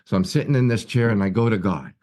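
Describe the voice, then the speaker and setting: He talks fast in a fairly low, slightly mellow voice, sitting in his office at work. The man is a guest speaker giving an earnest recovery share, with his stories marked by frequent restarts and repetitions.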